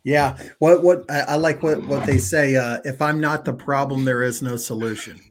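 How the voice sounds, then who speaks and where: A man's voice: mid-range voice, fairly even intonation, normal speed, a little hiss or hum. A man hosting a podcast, chatting casually and emphatically, often saying "you know what I mean" and "man.". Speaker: podcast host. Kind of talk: casual chat.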